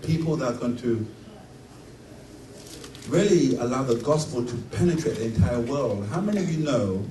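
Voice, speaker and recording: A middle-aged man giving an emphatic sermon at a conference, his voice swelling to loud peaks. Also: medium pitch, expressive, normal speed, long pauses. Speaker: conference speaker. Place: conference hall. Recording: roomy hall, distant mic, faint noise.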